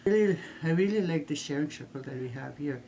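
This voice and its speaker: Older woman with a warm, low voice. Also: lively intonation, a little hiss or hum. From Northern Manitoba, Canada. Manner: unhurried, halting, repeats words. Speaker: church minister and elder. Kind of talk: personal introduction in a video.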